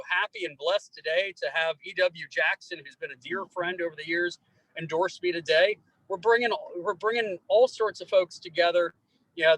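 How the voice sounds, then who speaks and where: A man with a bright, high-pitched voice speaks in an energetic, folksy and emphatic way as he answers an interviewer's question. The sound is dry and close, with almost no room around it. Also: no echo, rough recording. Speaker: political candidate.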